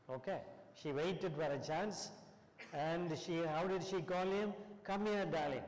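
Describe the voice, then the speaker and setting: Indian English man lecturing in a hall. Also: a little high. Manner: asks the class questions and acts out quotes. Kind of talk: classroom lecture. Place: college classroom. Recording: long hall reverb.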